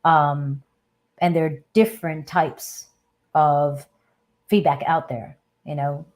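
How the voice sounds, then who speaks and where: A woman's voice: deep voice, fairly even intonation, slow, a little mellow. A woman hosting a live Q&A chat, talking conversationally and often checking in with a questioning "right?". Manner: thinks aloud with fillers and small restarts. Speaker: host of a live Q&A. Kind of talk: casual live chat talk.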